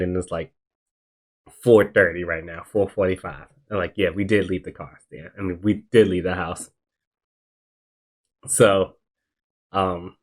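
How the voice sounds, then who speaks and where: A young man hosting a podcast, telling a rambling story in casual slang and acting out what people said. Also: sits low. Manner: rambling, animated, slangy, acts out quotes. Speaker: podcast host.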